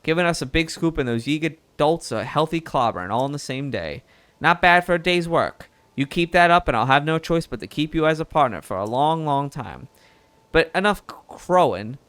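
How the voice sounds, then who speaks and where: A man's voice: fairly high pitch, animated, moderate pace, fairly bright tone, clear, resonant tone, dry recording, pitched above the performer's own voice. A man reading a chatty male bird reporter in a game, putting on a Southern American accent.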